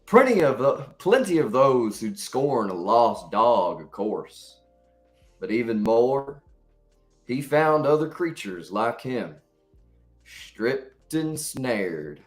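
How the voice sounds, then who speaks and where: A man putting on an old cowboy voice to recite a dark poem, with a slow, dramatic drawl. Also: on the low side. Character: old cowboy storyteller at a campfire.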